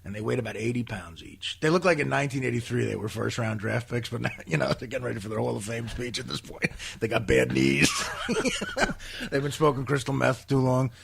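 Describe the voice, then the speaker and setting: A man's voice: mid-range voice, very animated, a little fast, creaky, fairly bright tone, husky. A man who is a podcast guest, telling stories in a comic style that is profane and self-deprecating and full of laughter. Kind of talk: comic storytelling in a podcast interview.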